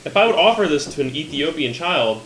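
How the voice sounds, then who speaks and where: A man's voice: fairly high pitch, big pitch swings, a little fast. A man co-hosting a casual podcast, telling stories with dry, wry humor. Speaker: podcast co-host. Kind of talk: casual chat. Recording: roomy echo, faint room noise.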